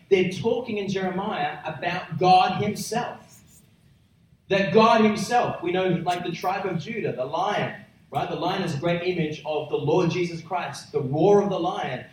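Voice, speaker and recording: A man's voice: sits high, normal speed, far from the mic, slight background noise. Man preaching in an echoey hall. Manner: emphatic, building to loud roaring peaks. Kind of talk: sermon. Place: large church hall.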